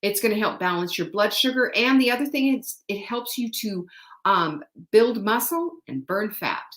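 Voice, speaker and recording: A woman's voice: medium pitch, expressive, normal speed, fairly bright tone, roomy sound. Gushing woman hosting a live sales stream. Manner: gushing, chatty, addresses viewers directly. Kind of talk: live-stream product pitch.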